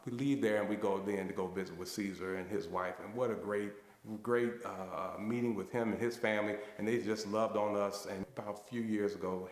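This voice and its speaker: Guy in his 40s sharing his life story, choked up and halting, lowish voice, big echoey hall. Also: steady tone. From United States. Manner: emotional, halting storytelling with restarts. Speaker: guest speaker at a fundraising banquet. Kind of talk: personal testimony.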